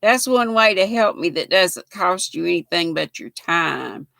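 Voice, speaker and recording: An older woman hosts a relaxed livestream, her voice gravelly with fry yet bright at the top, and she takes her time between words. She chats warmly with viewers, reads their comments, and keeps thanking them. The sound is close and dry. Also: on the low side, measured pace, dry recording. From United States. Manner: chatty, thanks viewers often, laughs easily. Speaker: livestream host. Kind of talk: casual livestream chat reading comments.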